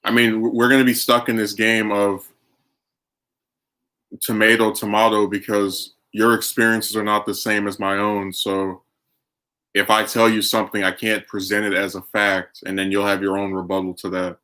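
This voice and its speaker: A man's voice: lowish voice, little pitch movement, moderate pace, bright, forceful tone. A man streaming, chatting casually and arguing his opinions while reacting to his chat. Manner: opinionated, argumentative.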